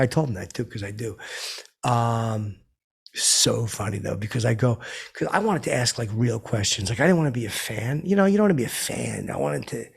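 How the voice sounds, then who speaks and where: Gravelly, rambling man telling a comic story. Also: mid-range voice. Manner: rambling, full of fillers and restarts, boastful. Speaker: comedic storyteller character.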